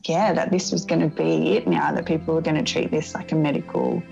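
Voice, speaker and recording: A woman in her thirties telling a painful personal story in an interview, in a soft, reflective way that often halts and starts again. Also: low-pitched, little pitch movement, creaky, lo-fi sound, soft background music. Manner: soft, reflective, halting with restarts. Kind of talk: emotional personal testimony.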